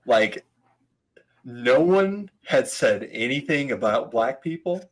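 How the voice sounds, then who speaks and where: Man, comedian, casual podcast chat, animated storyteller, middling pitch, quick asides. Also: low-quality recording.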